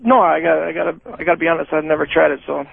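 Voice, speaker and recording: A man from Canada calling in to a radio show, talking fast with mock-offended joking. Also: fairly high pitch, fairly even intonation, vocal fry, husky. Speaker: caller. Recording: dull dry phone line.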